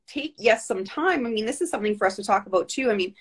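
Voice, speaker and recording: Chatty breathy woman on a video call. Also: mid-range voice, fast talker. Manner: chatty, animated storytelling with asides. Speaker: guest with Bell's palsy. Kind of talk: casual video-call interview.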